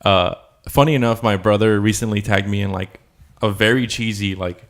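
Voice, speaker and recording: A young man with a low voice chats casually on a podcast. He tells a rambling story with lots of filler words and bursts of laughter. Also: moderate pace. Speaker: podcast co-host. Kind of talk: casual chat.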